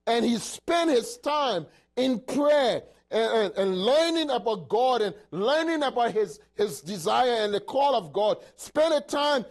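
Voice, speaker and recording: A man preaching a sermon in an emphatic, halting way, with many repeated words and restarts. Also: very high-pitched, expressive.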